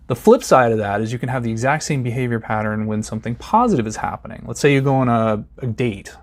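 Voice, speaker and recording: A man's voice: mid-range voice, quick pace. A man presenting a lesson on emotional reactions, speaking casually with fillers and now and then acting out example voices. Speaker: presenter teaching emotional psychology. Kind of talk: explanatory talk to camera.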